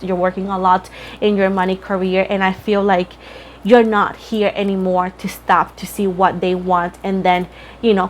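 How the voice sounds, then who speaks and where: A woman's voice: mid-range voice, slight background noise. A woman giving a casual tarot reading to camera, chatty and frank, talking straight to her viewers. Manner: chatty, frank, addresses viewers as boo and Libra. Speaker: tarot reader.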